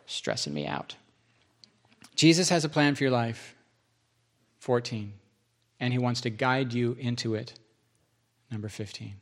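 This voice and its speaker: A man's voice: mid-range voice, measured pace, long pauses. A male pastor preaching a sermon, listing points, repeating them for emphasis and making joking, self-deprecating asides.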